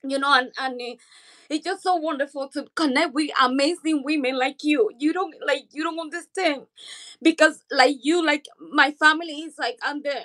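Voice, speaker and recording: A woman's voice: sits high, moderate pace, a bit bright. A woman speaking in a heartfelt, emotional, grateful way to an online audio room.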